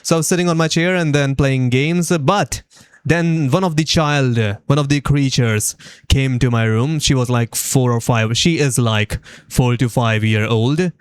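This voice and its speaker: A man's voice: medium pitch, unhurried, clean tone, dry recording. A young man from India telling a comedic story with sarcastic, dramatic delivery and frequent laughs. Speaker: VTuber.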